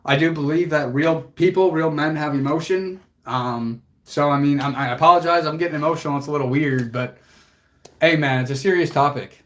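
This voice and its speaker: A man's voice: fairly high pitch, moderate pace. A young man hosting a livestream, speaking earnestly and emotionally to viewers, motivational and casual with swearing. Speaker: fitness coach and livestream host.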